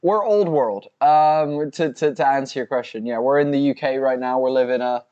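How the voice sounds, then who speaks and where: A man's voice: mid-range voice, normal speed, mellow, clear, resonant tone, dull audio. A man co-hosting a live fight stream, chatting casually and chiming in with short, agreeable replies. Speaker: co-host of a fight watch-along stream.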